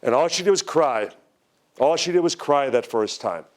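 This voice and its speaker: An older man giving a conference talk, telling a story slowly and dramatically, quoting the people in it. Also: fairly high pitch, expressive. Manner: slow, dramatic storytelling with quoted voices. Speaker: speaker at a UFO conference. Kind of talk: storytelling lecture. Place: lecture hall.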